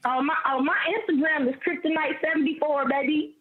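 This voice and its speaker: A high-pitched woman with a Midwestern accent calls in, talking in playful, slangy banter. Her audio comes through dull and lo-fi, like a call line. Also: steady tone, brisk. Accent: Midwestern American. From Ohio. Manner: slangy, laughing, playful trash talk. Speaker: caller. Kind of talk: casual chat.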